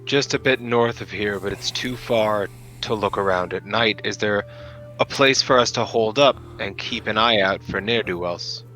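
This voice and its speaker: A man who talks purposefully as he suggests plans in a tabletop game. His voice is low but has a bright, forceful edge. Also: moderate pace, rough recording. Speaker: player. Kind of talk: casual tabletop play.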